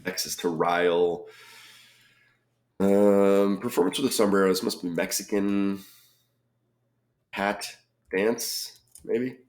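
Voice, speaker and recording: A man solving a crossword puzzle aloud, reading clues and thinking out loud with frequent ums and muttered asides. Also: low voice, steady tone, slow, long pauses. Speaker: crossword reviewer.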